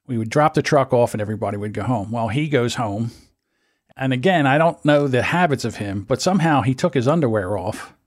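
A man, co-host of a podcast, telling stories in an animated, profane, casual way. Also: mid-range voice, brisk. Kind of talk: casual chat.

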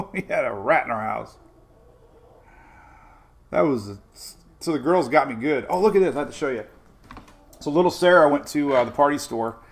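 An older man with a gravelly, creaky voice talks through the weather in a loose, rambling way. He hosts a casual weather stream and drifts into homey asides between forecasts. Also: fairly high pitch, expressive, normal speed, long pauses, slight background noise. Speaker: weather show host.

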